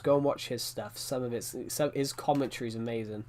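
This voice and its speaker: A man's voice: mid-range voice, a little fast, few pauses. Jokey, swearing male game streamer. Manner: laughing, swearing, rambling, jokey. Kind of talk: casual live-stream chat.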